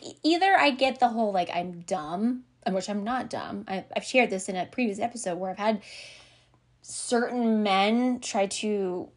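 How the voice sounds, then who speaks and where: A woman hosting a podcast, talking casually and rambling with frequent "like"s, light laughs and quoted asides. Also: a little high. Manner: chatty, rambling, peppered with "like" and laughs; acts out her own reactions in quoted asides. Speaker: podcast host. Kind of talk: casual conversational monologue.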